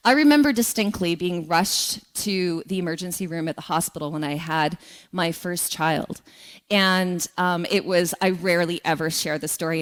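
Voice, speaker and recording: A woman giving a spiritual talk to a congregation, telling lively personal stories and asking the audience questions. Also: lowish voice. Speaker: guest speaker.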